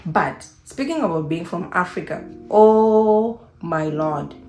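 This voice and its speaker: A young woman from Zimbabwe talking casually to camera in an unscripted vlog, animated and acting out the voices of people she quotes. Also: on the low side, slow, echoey room, faint music behind. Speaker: vlogger.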